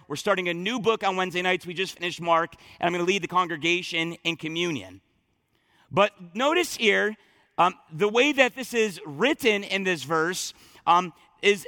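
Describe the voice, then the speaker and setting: A male pastor delivers a sermon in a high, bright voice, talking casually and restarting phrases as he goes. The sound is dry and close, with little room around it. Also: no echo. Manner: conversational preaching with frequent restarts and asides.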